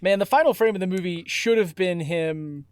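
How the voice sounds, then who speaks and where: A man co-hosting a casual movie review podcast, animated and joking. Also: high voice, fairly quick, clean tone, no echo. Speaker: podcast co-host.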